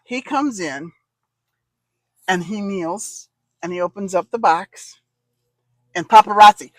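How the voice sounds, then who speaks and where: A woman telling a personal story in a casual, lively way, acting out the dialogue and laughing often. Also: on the low side, slow pace, no echo.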